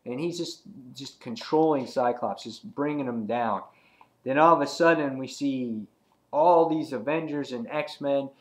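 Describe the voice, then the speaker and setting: Brief: man with a mid-pitched voice, retelling a comic issue in a loose, filler-heavy way. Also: measured pace. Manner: rambling, filler-heavy retelling with acted quotes. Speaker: comic book reviewer. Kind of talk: casual recap of a comic issue.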